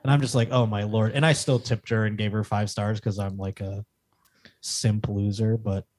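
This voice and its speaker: A man's voice: fairly low pitch, normal speed. A man chats casually and tells a story, jumping into the voices of the people he quotes. He often pokes fun at himself. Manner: animated storyteller, acts out quotes, self-mocking. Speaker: guest. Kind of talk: casual chat.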